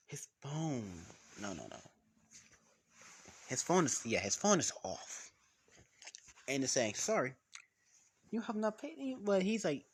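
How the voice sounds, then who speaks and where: A man's voice: a little high, a little mellow. A man casually making up a story as he goes, rambling, swearing and losing track of names.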